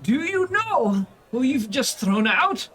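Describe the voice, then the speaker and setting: A man's voice: very high voice, sing-song, takes it slowly, sharp tone, slightly rough, voice pushed up, full character voice. A man voicing a pompous, portly male scholar who stammers and fawns nervously. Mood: fussy, flustered. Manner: flustered, stammering, theatrical.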